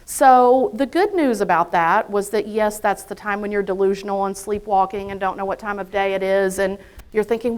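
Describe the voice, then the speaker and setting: A woman's voice: medium pitch, moderate pace, smooth. A woman giving a live motivational talk to an audience in an event room, a chatty, self-deprecating storyteller who acts out her own inner thoughts. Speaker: invited speaker.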